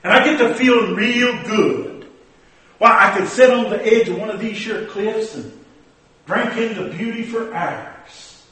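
A man's voice: high voice, a little slow, pushed and bright. A man playing a folksy old male country preacher, telling a comic story in a drawling rural dialect. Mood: preachy. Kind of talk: comic monologue with hymn snatches. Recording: very echoey recording from far off.

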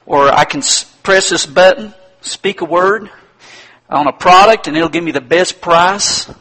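A man's voice: high voice, unhurried, a bit bright, pitched above the performer's own voice, low-quality recording. A man voicing a proud male inventor who brags in a matter-of-fact way. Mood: boastful.

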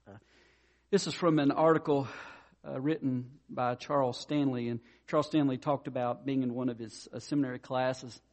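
A pastor preaches in a conversational, storytelling way, addressing the congregation directly to make his point. His mid-range voice is a little mellow, with fairly even intonation and normal speed.

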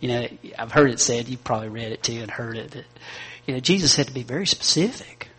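A man preaches a sermon in a strongly husky, grainy voice. He reads quietly, then rises to loud, emphatic declarations. He has his listeners repeat lines back to him. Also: mid-range voice, fast. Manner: leads the congregation in call-and-response. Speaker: pastor.

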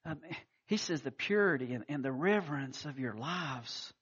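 A man's voice: mid-range voice, lively intonation, normal speed, fairly bright tone, slightly rough, lo-fi sound. A man preaching a sermon, telling stories with acted-out quotes and frequent restarts. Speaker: pastor.

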